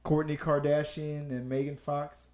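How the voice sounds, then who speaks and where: A man hosting a podcast in casual chat, animated and rambling, restarting his sentences often. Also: on the high side, measured pace. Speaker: podcast host. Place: podcast studio. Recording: roomy studio echo.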